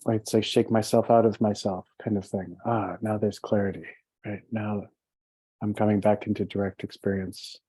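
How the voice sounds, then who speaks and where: A man's voice: on the low side, mellow, no room sound, low-quality recording. A man giving a casual, conversational meditation talk as a teacher, chatty and laughing, with plenty of "you know" and "like". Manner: conversational, laughing, many fillers.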